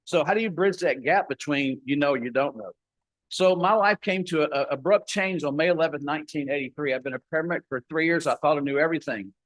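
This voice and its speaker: A man's voice: a little high, quick pace, no echo, rough recording. A man, giving a conference talk as a paramedic educator, folksy and acting out the dialogue in his stories.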